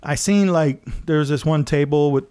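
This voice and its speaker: Animated man telling a personal story. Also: on the high side, normal speed, clean tone. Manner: animated, laughs often, acts out quotes; many fillers and restarts. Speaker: podcast host telling his story. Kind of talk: casual storytelling.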